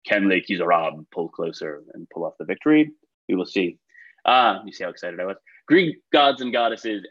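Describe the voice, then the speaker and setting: A man with a low, husky voice hosts a trivia game over a video call. His delivery swings up and down as he reads questions and praises players, and the sound is dull and lo-fi. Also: fairly bright tone. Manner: upbeat, chatty asides between questions. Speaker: quiz show host.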